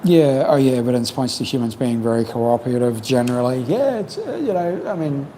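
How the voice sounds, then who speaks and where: Croaky man rambling on a livestream. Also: mid-range voice, animated, a little fast, dark tone, a little hiss or hum, rough recording. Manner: rambling and reflective, full of "you know". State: slightly croaky from long talking. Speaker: livestream host. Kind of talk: casual livestream chat. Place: home in Cambodia.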